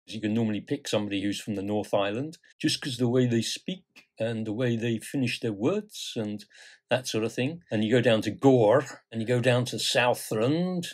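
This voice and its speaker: An older man from the UK chats easily as a podcast co-host. His voice sits at an ordinary middle pitch, and it jumps up with energy whenever he stresses a point. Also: moderate pace. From United Kingdom. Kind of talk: casual conversation.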